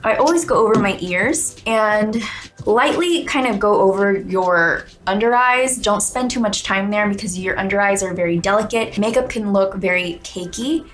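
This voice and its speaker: A woman presenting a makeup tutorial, explaining each step calmly and clearly. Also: medium pitch, normal speed. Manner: calm, step-by-step instructing. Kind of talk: instructional how-to.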